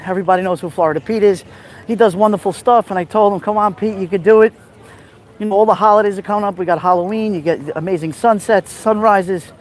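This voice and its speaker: A man with a rough voice and a Brooklyn accent, chatting casually on a live stream as he walks outdoors along a beach. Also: high-pitched. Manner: chatty, gives shout-outs while walking.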